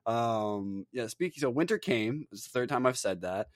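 A man's voice: mid-range voice, lively intonation, normal speed, no room sound, clean studio sound. A man with a northern English accent co-hosting a podcast, chatting casually, rambling with many fillers and restarts. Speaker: podcast co-host. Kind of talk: casual chat.

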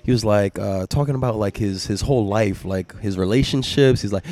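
A young man with a New York accent telling a story on a podcast, animated, swearing freely and acting out what people said. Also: lowish voice, a little fast, hardly any pauses. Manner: animated, acts out quoted dialogue, swears freely. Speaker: podcast guest. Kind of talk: casual storytelling chat.

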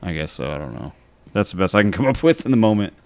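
Low-voiced man in earnest chat. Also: very animated, quick pace, a little mellow. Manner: earnest, sets facts straight. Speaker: podcast co-host. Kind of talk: casual chat.

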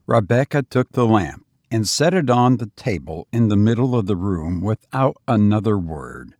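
A man with a husky voice narrating a story aloud, with a lively, rising and falling delivery. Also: lowish voice, normal speed, few pauses, no echo, studio quality.

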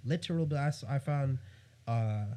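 A man's voice: mid-range voice, moderate pace. A young man from New York telling a story on a podcast, acting out the other person's lines in a raised voice. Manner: animated, quotes others in a raised voice. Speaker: guest photographer. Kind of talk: casual storytelling.

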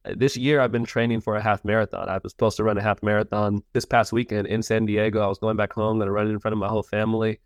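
Earnest low-voiced man reflecting. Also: level tone, fast talker, hardly any pauses, no room sound, studio quality. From United States. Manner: earnest, restarts words, quotes his own inner voice. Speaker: podcast guest. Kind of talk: reflective interview talk.

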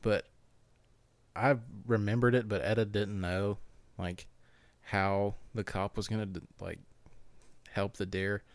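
A man's voice: on the low side, fairly even intonation, slow pace, long pauses, smooth, no room sound. A man co-hosting a casual podcast chat, laid-back and telling stories. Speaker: podcast co-host.

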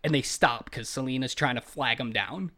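A man co-hosting a casual podcast chat about films, retelling scenes in an animated, rambling way. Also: medium pitch, moderate pace. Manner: animated storytelling, rambling asides. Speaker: podcast co-host reviewing films.

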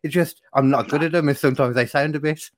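A man's voice: on the high side, steady tone, quick pace, dry recording. A man who performs improv, chatting in an easygoing, agreeable way with some hesitant fillers. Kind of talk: casual chat.

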